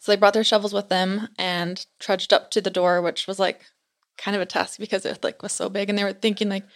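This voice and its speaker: A woman's voice: medium pitch, level tone, a little fast. A young woman guest on a podcast, casually telling a story and filling her speech with "like". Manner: chatty, fills speech with "like".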